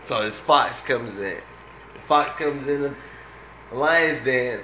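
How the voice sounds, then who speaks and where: Animated man telling a joke. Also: mid-range voice, slow pace, echoey room, slight background noise, rough recording. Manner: loud animated storytelling, acts out animal voices. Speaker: storyteller among friends.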